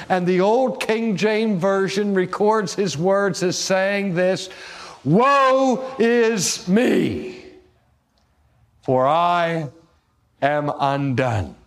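A man delivering a theological lecture-sermon, speaking deliberately, pressing key words and putting rhetorical questions to his listeners. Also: high-pitched. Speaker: preacher and teacher.

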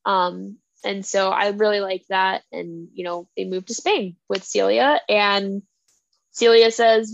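Woman, book podcast co-host, gravelly voice, dry close sound, emotional retelling. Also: mid-range voice, steady tone, slow, no room sound, muffled recording. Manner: emotional, retells the plot with little quoted voices. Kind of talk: casual book chat.

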